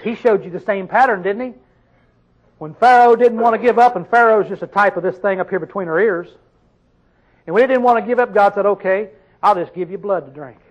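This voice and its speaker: A man preaching a sermon, reading scripture slowly and drawn out, often questioning his listeners, with sudden loud emphatic bursts. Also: sits high, rough recording.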